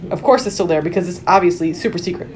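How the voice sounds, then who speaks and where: A woman's voice: on the low side, racing, a little mellow, a little hiss or hum. A woman co-hosting a movie podcast, trading dry, sarcastic quips in casual chat. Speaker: podcast co-host.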